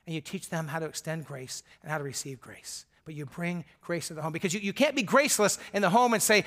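A man's voice: a little high, fast, few pauses, a bit bright. A middle-aged male pastor preaching a sermon in an earnest, emphatic way.

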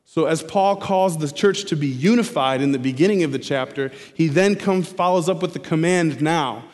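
A male pastor preaching an expository sermon, repeating key phrases slowly for emphasis. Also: on the high side, darkish tone. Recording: preaching in a hall with long reverb.

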